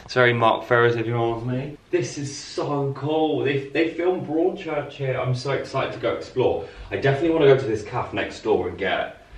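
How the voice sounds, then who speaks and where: A young man in a hotel room talking to camera in a casual travel vlog, gushing and excitable with lots of exclamations. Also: medium pitch, fairly quick, slight background noise. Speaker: travel vlogger. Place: seaside hotel room, indoors.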